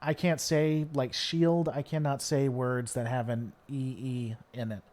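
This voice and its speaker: A Tennessee man with a mild Southern American twang that surfaces at times hosts a live stream, casually reading and answering viewer comments. His mid-range, darkish voice is flat and unhurried, and he rambles with many fillers and restarts.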